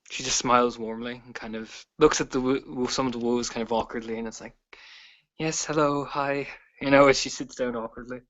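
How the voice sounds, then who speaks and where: A man's voice: medium pitch, fairly even intonation, fairly quick, fairly bright tone, highs cut off. A man casually narrating and voicing his character in a tabletop game, with hedges and small laughs. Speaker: player.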